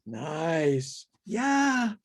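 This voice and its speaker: A man reading his own fiction aloud over a video call as a halting, musing first-person character monologue. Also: a little high, big pitch swings. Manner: halting, musing, talks to animals and people in the scene.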